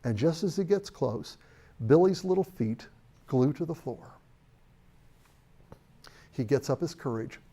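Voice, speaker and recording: A man's voice: a little high, animated, unhurried, long pauses, mellow, husky. A man giving a recorded sales training lecture, storytelling in an emphatic way.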